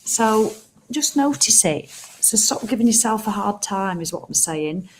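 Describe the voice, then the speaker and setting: A woman's voice: medium pitch, animated, measured pace, slight background noise. A middle-aged woman, chatting casually and bluntly to viewers on a live stream from outdoors. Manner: chatty, rambling, blunt and frank, with mild swearing. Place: outdoors by a seaside promenade.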